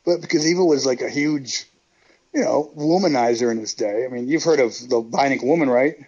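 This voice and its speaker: A man's voice: mid-range voice, fairly quick, darkish tone, husky, dull audio. A man rambling through profane stories in a casual interview, laughing as he goes. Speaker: guest, retired pro wrestler.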